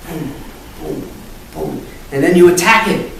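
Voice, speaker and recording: A man coaching an improv acting class, animated and punchy, often cursing and punctuating points with "boom". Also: normal speed, slight background noise. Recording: echoey room from far off, faint ambience.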